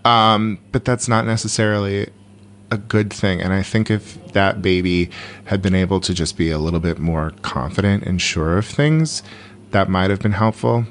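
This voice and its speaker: A man's voice: low voice, normal speed. A man in his forties, a comedian guest, telling stories in a rambling way with many fillers, self-corrections and laughs. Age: 40s. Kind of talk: casual conversational storytelling.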